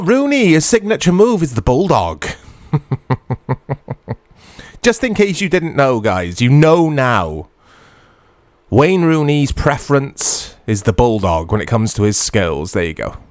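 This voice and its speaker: A man's voice: mid-range voice, no room sound. A man hosting a retro gaming channel, giving chatty, self-deprecating commentary to viewers as he plays. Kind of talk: casual gameplay commentary.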